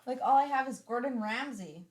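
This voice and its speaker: Casual female podcast host, blunt and giggly, slightly high voice. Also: lively intonation, moderate pace, darkish tone. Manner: laughs often, frank and blunt. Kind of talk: casual chat.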